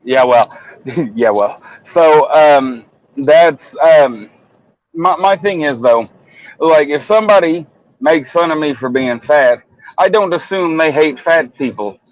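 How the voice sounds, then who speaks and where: Guy ranting blunt and sweary on a livestream, kinda high voice, muffled dry mic. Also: lively intonation, slow pace, no room sound. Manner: blunt, profane, rambling with many restarts. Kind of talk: casual livestream chat.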